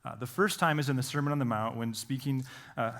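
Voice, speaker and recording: A middle-aged male pastor giving a conversational sermon, full of rhetorical questions, restarts and lively quoted lines. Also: medium pitch, fast. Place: church hall.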